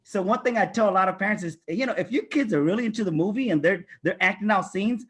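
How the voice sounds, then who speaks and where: Husky high-voiced male host. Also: a bit bright. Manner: playful, quick to mimic voices. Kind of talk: casual video call interview. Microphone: video call.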